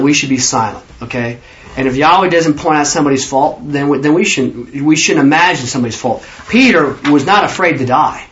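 A man's voice: on the high side, lo-fi sound. A man leading an informal Bible study, rambling through his points and acting out the figures he quotes. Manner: rambling, acts out scripture figures.

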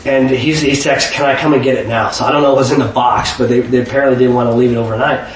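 A man telling a personal faith story in an animated way, often restarting his sentences. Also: medium pitch, quick pace, slight background noise. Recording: echoey room, mic at a distance.

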